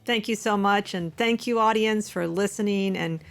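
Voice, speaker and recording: A woman's voice: medium pitch, moderate pace, gravelly, faint music behind. A woman, the host, wrapping up a podcast interview and thanking the guest. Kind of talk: closing the show.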